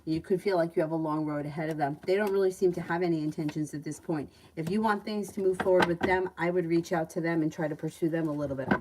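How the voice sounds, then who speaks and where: A woman's voice: sits low, fairly even intonation, fast, hardly any pauses, noisy background. A woman giving tarot readings on a livestream. She reads out viewers' questions and answers them in a chatty way, laughing easily between readings. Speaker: tarot reader.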